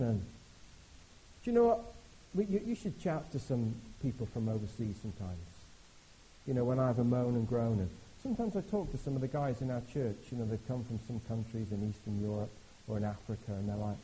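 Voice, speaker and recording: A middle-aged man preaching an animated, conversational sermon, swinging from hushed asides to loud exclamations. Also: medium pitch, normal speed, breathy edge, rough recording. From Britain. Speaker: visiting preacher.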